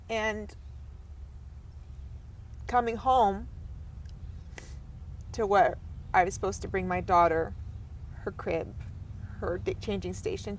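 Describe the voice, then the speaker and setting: Young woman guest with a mid-height voice, halting and emotional, trailing off into near whispers. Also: mid-range voice, a little hiss or hum. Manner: halting, breaks off and restarts, voice drops to near whisper at times. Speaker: podcast guest. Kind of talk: emotional personal storytelling.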